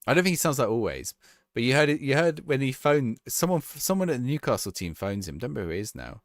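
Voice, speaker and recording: A man's voice: medium pitch, very animated, fast, no echo, clean studio sound. A man streaming a football management game, chatting casually and answering viewers' questions as he plays. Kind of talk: live-stream gameplay chat.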